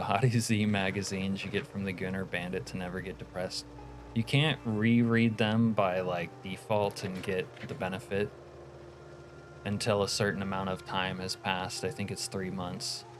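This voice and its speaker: A man's voice: sits low, fairly even intonation, moderate pace, a little hiss or hum. A young man streaming a game, chatting casually and rambling through answers to his chat. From United States. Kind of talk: casual livestream chat while gaming.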